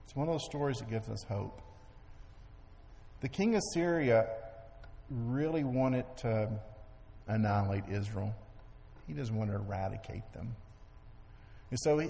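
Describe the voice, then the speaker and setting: A man preaching a sermon, retelling a scripture story with animated delivery, acting out the characters' lines and moving between hushed and loud. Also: fairly high pitch, moderate pace, pauses often. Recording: long hall reverb.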